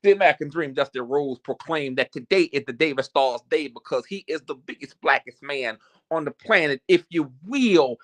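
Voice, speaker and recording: A man's voice: on the high side, expressive, normal speed, a bit bright. A man doing an impression of a boastful wrestler cutting a hyped-up promo. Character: boastful male wrestling promo talker, loud.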